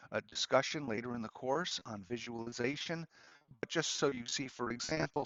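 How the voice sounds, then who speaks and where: A man, a law professor, giving a relaxed, conversational screen-recorded lesson at his computer, with frequent ums and asides. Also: mid-range voice, no echo, highs cut off. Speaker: law professor teaching a course.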